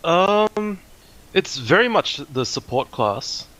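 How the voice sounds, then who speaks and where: A man's voice: high voice, very animated, slow pace, pushed and bright, poor audio. Hesitant Australian man on voice chat. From Sydney, Australia. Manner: hesitant, brief answers with fillers. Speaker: guest player. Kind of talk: casual voice chat.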